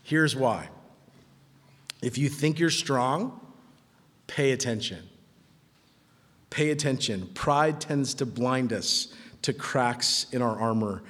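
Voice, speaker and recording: Preacher ringing out in a reverberant hall. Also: male voice, takes it slowly, long pauses. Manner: emphatic and conversational, swings from low and quiet to high and loud; chuckles at his own points. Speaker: pastor. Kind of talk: sermon.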